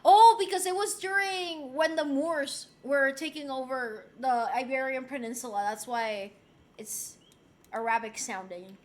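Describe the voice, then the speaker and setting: A woman from Rico, chatting casually on a live stream. She is excitable and swears freely. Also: high voice, a little slow. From Puerto Rico.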